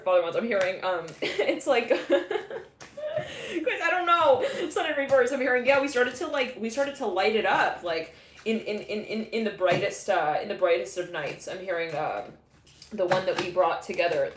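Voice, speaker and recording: A woman's voice: mid-range voice, background noise. Chatty woman doing a tarot reading in an echoey room. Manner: rambling, laughs often, many restarts. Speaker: tarot reader.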